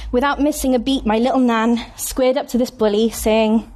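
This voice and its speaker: A woman from Wales, giving a conference talk as a poet, telling stories with wry humorous asides and slowing down to read poems deliberately. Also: on the high side, fairly even intonation, darkish tone. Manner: slows down and reads poems deliberately. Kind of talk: conference talk with poetry reading. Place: university conference room.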